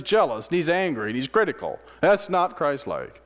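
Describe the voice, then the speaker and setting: A man preaching a sermon, swinging from loud, excited exclamations to hushed, almost whispered lines, and asking many rhetorical questions. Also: a little high, moderate pace. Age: adult, a father of sons.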